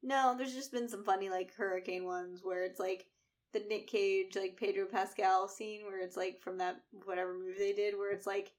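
A woman co-hosting a podcast in casual chat, relaxed and playful in how she talks. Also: mid-range voice, moderate pace. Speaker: podcast co-host.

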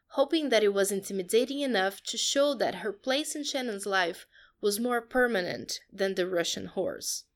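A woman, reading a fanfiction story aloud in a steady, even way. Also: medium pitch. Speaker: podcast host and reader.

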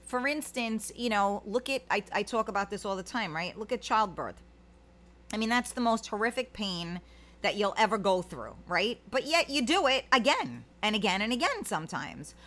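Chatty bright-voiced New woman. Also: mid-range voice, very animated, normal speed. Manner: chatty, rambling, many fillers. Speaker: livestream host. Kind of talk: casual chat reading viewer comments.

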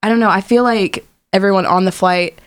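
A woman's voice: medium pitch, brisk, clear, resonant tone. A young woman from Indiana in casual chat, talking freely with many fillers and frequent laughs. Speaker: guest.

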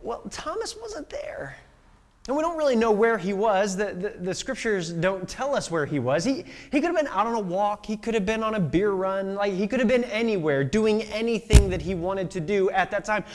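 Young male pastor, high, easygoing storyteller, reverberant hall. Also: expressive, moderate pace, darkish tone. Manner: casual, storytelling, with many fillers. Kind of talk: sermon.

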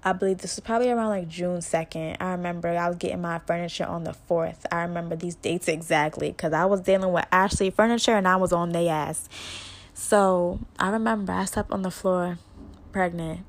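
A young woman hosts her own podcast, telling a personal story directly to her listeners in a voice on the low side, fairly even and a little fast. She's candid and conversational, peppering her speech with "like" and "y'all."

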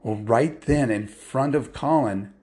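A man's voice: mid-range voice, unhurried, a little mellow. A rambling male storyteller. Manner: rambling, strings clauses with "and" and "well". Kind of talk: casual spoken storytelling.

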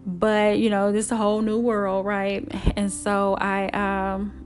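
A woman's voice: medium pitch, completely flat delivery, unhurried, a little hiss or hum. A middle-aged single mother speaking candidly and emphatically about her parenting rules, in casual talk. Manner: candid, emphatic, acts out quotes in a raised voice.

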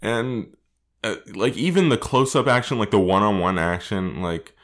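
Male co-host, low-ish voice, casual movie review chat, animated and full of laughs and fillers. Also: moderate pace.

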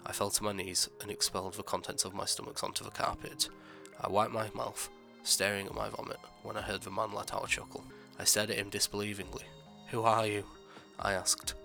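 Male horror narrator, gravelly, bright and forceful, measured and dramatic. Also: fairly low pitch, flat delivery, faint music behind. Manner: measured, dramatic first-person telling.

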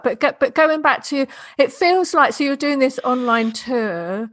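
A woman hosting a podcast, with a fairly high voice. She is chatty and enthusiastic and laughs often. The talk is a casual spiritual conversation. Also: lively intonation, unhurried, hardly any pauses, a bit bright. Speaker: podcast host.

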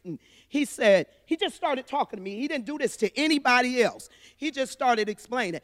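Woman with a high voice telling an earnest church testimony, dry close voice but a long hall tail. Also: animated, normal speed. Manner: earnest, heartfelt storytelling. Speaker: church member sharing a testimony. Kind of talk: personal testimony.

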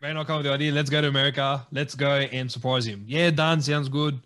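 A man co-hosting a podcast, telling a story in a casual, animated way and laughing often. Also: medium pitch, quick pace. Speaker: podcast co-host.

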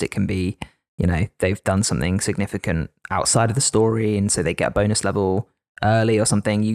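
A man with a lowish voice chatting on a tabletop gaming podcast. He runs the games and talks in a relaxed, animated way, breaking into little impressions of his players. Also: no room sound, studio quality. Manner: animated, acts out players' lines. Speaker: podcast co-host and game master. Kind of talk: casual podcast chat.

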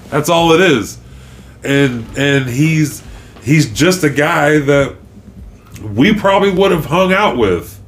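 A man co-hosting a podcast in relaxed, jokey casual chat, telling stories. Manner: laid-back, jokey, acts out quotes in high voices. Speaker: podcast co-host. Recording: faint background noise.

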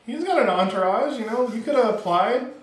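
A man's voice: very high-pitched, lively intonation, a little fast. A man playing his character in a tabletop game, blunt and teasing. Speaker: player. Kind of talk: in-character play, casual. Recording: echoey room with noise.

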